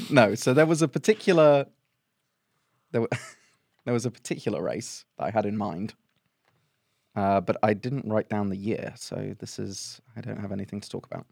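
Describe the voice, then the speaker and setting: A man with a low, gravelly voice co-hosts a casual podcast. He drops dry, teasing remarks. His voice sits close and dry on the mic. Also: normal speed, long pauses, a little mellow, no echo. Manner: dry teasing, wry asides. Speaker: podcast co-host. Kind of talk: casual banter.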